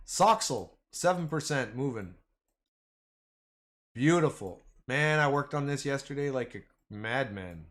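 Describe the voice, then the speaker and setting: Excitable man rambling over stock charts. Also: medium pitch, a little slow. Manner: excitable, rambling, calls viewers "boys" and "man". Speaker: stock trading streamer. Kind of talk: casual livestream chat over charts.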